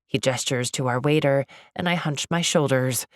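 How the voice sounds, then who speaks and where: Woman reading a romcom audiobook in first person, low creaky voice, chatty and expressive, dry close mic. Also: normal speed, no room sound. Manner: expressive, chatty, lively inner monologue. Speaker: audiobook narrator.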